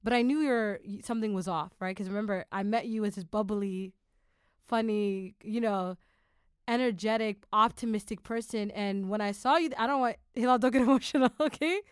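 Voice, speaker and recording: A woman podcast host with a smooth, resonant voice at an ordinary pitch, talking in an animated, emotional way. Her recall rambles and restarts. The recording is dry and close. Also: normal speed, no room sound. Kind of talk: conversational interview.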